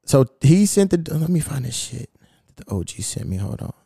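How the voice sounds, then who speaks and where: A man's voice: medium pitch, very animated, moderate pace, gravelly, dark tone, breathy edge, no room sound, studio quality. A man hosting a podcast, telling a story in casual chat, cursing freely and quoting messages aloud with amusement. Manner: profane, amused, quotes texts aloud. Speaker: podcast host.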